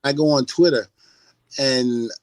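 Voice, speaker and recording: A man's voice: mid-range voice, steady tone, measured pace, darkish tone, dry recording, low-quality recording. A middle-aged man on a podcast, talking casually and animatedly, laughing and mimicking people as he tells stories. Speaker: podcast guest.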